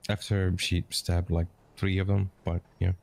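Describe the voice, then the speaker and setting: A man chatting in character in a roleplay game, passing on gossip in a halting way. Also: sits low, level tone, gravelly, a little mellow. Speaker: fellow roleplay player.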